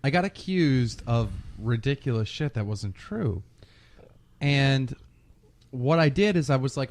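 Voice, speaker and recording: A man chatting casually on a podcast, telling a story with lots of swearing and loud mimicry of other people. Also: mid-range voice, expressive, a little slow. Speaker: podcast guest.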